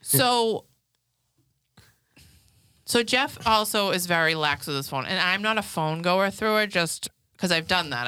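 Woman, thirties, podcast host, chatty storyteller, bright and forceful, slightly low, dry close sound. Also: smooth, dry recording. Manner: frank and profane, acts out quotes. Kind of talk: casual storytelling chat.

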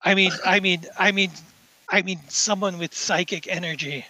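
A man's voice: high-pitched, fairly even intonation, moderate pace, pushed and bright, no room sound, exaggerated voice, low-quality recording. A man voicing a polite, fussy male organizer who stammers out apologies.

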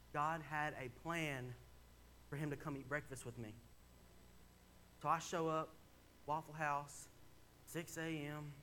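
In a church sanctuary, a young man delivers a sermon, sharing a personal story in a candid, conversational style that builds toward emphatic points. His voice is fairly high, bright and pushed, with a little background noise.

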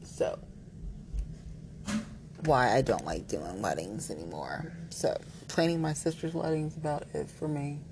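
In an unhurried, deep voice, a woman vlogger gives a candid, casual chat to camera that meanders playfully, frank and somewhat giggly, full of "like." Noise is audible in the background.

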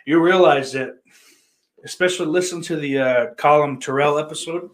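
A man hosting a casual livestream podcast, reading viewer comments aloud and cursing a lot, sarcastic, his voice swinging between loud and quiet. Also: on the high side, moderate pace. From Irish heritage. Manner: profane, sarcastic, with big swings in loudness.

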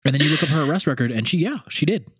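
A man's voice: fairly high pitch, expressive, very fast, a bit bright, husky, no echo. A man co-hosting a podcast, chatting casually and rambling, with lots of "like" and acted-out quotes. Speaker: podcast co-host. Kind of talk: casual comedic chat.

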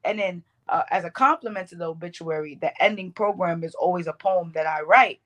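Fairly quick and on the low side, the voice belongs to a young Bronx poet being interviewed. Her New York accent comes through in loose, slangy, animated anecdotes sprinkled with lots of fillers.

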